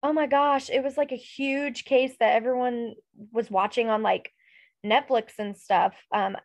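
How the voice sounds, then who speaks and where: Young woman, podcast co-host, chatty, lots of fillers, slightly high voice, dry close sound. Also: fairly even intonation, unhurried, no room sound. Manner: chatty, filler-heavy with frequent "like". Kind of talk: casual chat.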